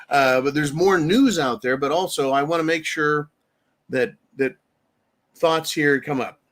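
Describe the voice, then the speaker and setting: A man hosting a talk show rambles through emphatic, opinionated commentary, putting on mocking voices when quoting others. His voice is a little high with a fairly bright tone.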